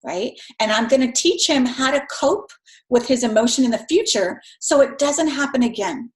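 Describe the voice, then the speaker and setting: A woman's voice: high voice, animated, moderate pace, echoey room, poor audio. A middle-aged woman giving a recorded lecture in a conversational way, often checking in with "right?". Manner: conversational, keeps adding "right?". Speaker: instructor.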